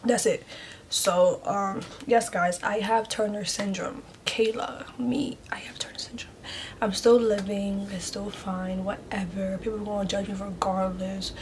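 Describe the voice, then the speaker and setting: A woman's voice: medium pitch, flat delivery, measured pace, darkish tone, a little hiss or hum. A woman vlogging a casual storytime to her viewers, chatty and emotional, full of "like" and calls of "y'all". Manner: chatty, heavy use of "like", addresses viewers as "y'all"; emotional, speaks openly and earnestly.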